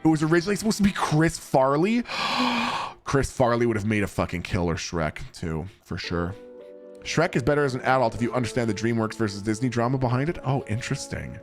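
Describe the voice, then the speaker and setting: A young man chats with his stream audience while playing, relaxed and profane, laughing easily. His voice swings up and down a lot. Faint game music plays under him. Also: medium pitch, fairly quick. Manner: laid-back, swears a lot, laughs often, animated. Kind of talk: casual chat while gaming.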